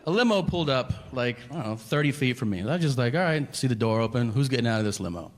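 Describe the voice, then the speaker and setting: A man doing a stand-up comedy set, telling stories with animated, yelled impressions. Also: mid-range voice, fast. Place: comedy venue stage. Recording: live venue with long reverb and audience noise.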